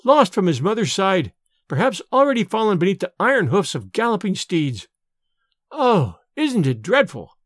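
A man's voice: sits high, very animated, normal speed, a bit bright, no echo, heavily acted. A swooning, sentimental young lady, as a male narrator puts her on gushes in a raised, fluttering voice that swoops up and down. Close and dry storybook reading. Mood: gushing.

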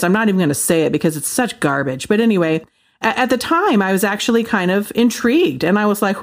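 A woman giving a casual Christian monologue, animated and incredulous, with colloquial asides and frequent laughs. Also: mid-range voice, fast. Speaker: Christian commentator.

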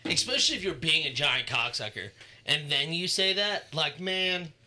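Bright-voiced man telling stories. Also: a little high, lively intonation, moderate pace. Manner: profane, laid-back storytelling. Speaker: podcast co-host. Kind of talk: casual storytelling chat.

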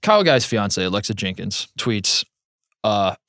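A man's voice: lowish voice, sing-song, measured pace, fairly bright tone, no room sound, studio quality. Casual joking male podcast co-host. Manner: loose, joking, chatty with fillers. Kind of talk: casual sports chat.

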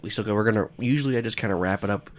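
Deep-voiced game master, rambling. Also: male voice, racing, a little hiss or hum. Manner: rambling, filler-heavy explaining with frequent laughs. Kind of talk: narrating a tabletop game.

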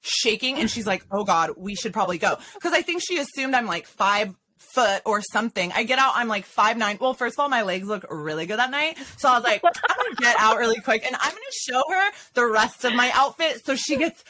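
A woman's voice: a little high, expressive, brisk, pushed and bright, slight background noise. A young woman hosting a casual chat, telling a story dramatically and sassily, full of "like" and swearing. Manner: dramatic, sassy, lots of "like", swearing. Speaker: podcast host.

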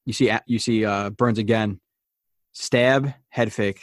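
A man's voice: lowish voice, steady tone, takes it slowly, no room sound, clean studio sound. A man hosting a show, casually breaking down football game film, thinking aloud with many fillers and restarts. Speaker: host.

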